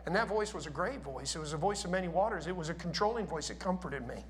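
A man's voice: high voice, lively intonation, fast talker, slight background noise. A man preaching a sermon in a church, talking casually and asking his congregation questions.

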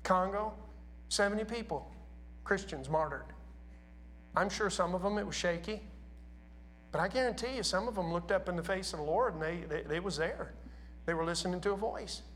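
A man's voice: high-pitched, normal speed, long pauses, a bit bright, a little hiss or hum. A man preaching a sermon in a church, talking casually and asking his congregation questions.

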